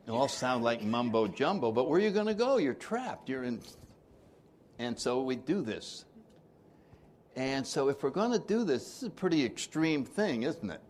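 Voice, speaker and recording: A man's voice: medium pitch, animated, moderate pace, darkish tone, a little hiss or hum. An older man giving an informal recovery workshop talk, joking and asking the audience questions.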